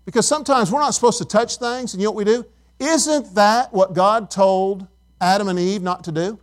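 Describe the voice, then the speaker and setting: High-voiced man preaching a sermon. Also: brisk. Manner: conversational, asks the congregation questions, tells stories. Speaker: pastor.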